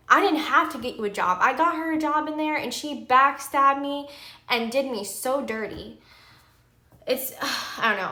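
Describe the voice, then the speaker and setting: Woman, 30s, vlogger; emphatic, heated storytime delivery, bright tone, recorded in an echoey room. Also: mid-range voice. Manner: heated, emphatic venting with many fillers. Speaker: pharmacy technician and nursing student. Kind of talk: candid vlog storytime.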